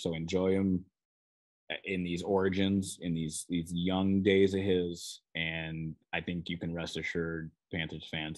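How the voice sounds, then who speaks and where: A man with a Minnesotan accent, a sports beat writer, talking through football analysis on his podcast in a loose, conversational way with frequent restarts. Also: sits low.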